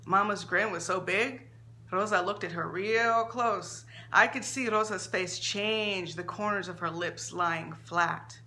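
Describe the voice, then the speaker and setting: Bright-voiced woman reading a story aloud. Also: mid-range voice. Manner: expressive, measured storytelling. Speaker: author reading her story.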